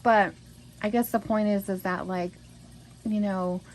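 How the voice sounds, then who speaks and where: A woman's voice: medium pitch, fairly even intonation, a little slow, a little mellow, slight background noise, rough recording. A woman recording a spoken journal at home, telling a story in a rambling, emotional way with many restarts. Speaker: vlogger.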